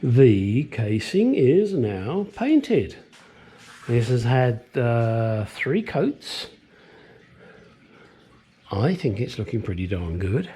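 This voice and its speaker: A man's voice: mid-range voice, very animated, very slow, long pauses, warm tone, a little hiss or hum. Chatty older man, blunt workshop talk. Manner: chatty, blunt, rambling asides. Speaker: home mechanic restoring a car. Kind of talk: casual workshop vlog narration.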